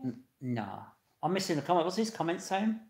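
Hosting a casual live stream, a man reads comments and greets viewers by name with loud, laughing cheer. His slightly high voice swings widely in pitch and moves a little fast. The room is echoey.

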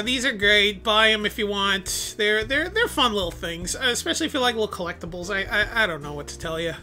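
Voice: medium pitch, pushed and bright. A vlogger rambling casually while unboxing toys, full of fillers and self-deprecating asides, grumbling at the camera's focus. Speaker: toy unboxing host.

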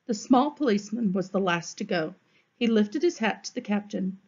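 A woman, a third-grade teacher, reading a storybook aloud to her class in a measured way. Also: mid-range voice, lively intonation, a little mellow, breathy edge. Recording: dull, muffled recording.

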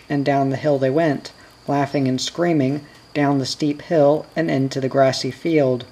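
A slow, unhurried reader narrating a children's book aloud. The voice is mellow and soft, with a calm, measured storytelling manner. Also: medium pitch, rough recording. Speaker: audiobook reader. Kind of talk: reading a children's novel aloud.

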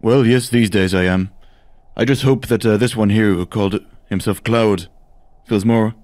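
A man playing a gruff, weary male sellsword who speaks in a dry, sardonic way. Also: lowish voice, fairly even intonation, normal speed, darkish tone, no room sound, natural voice.

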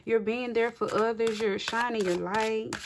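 Female tarot reader, warm and effusive, chatting directly to viewers over audible card shuffling. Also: a little high, fairly even intonation, measured pace, noisy background. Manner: effusive and encouraging, often laughing, addresses viewers directly. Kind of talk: casual tarot reading to viewers.

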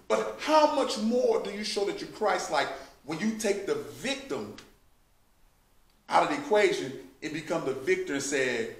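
A man's voice: a little high, sing-song, measured pace. Fervent preacher man, echoey room. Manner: emphatic, rising to fervent preaching. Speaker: Bible study teacher. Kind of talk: preaching Bible study. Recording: echoey room, mic at a distance.

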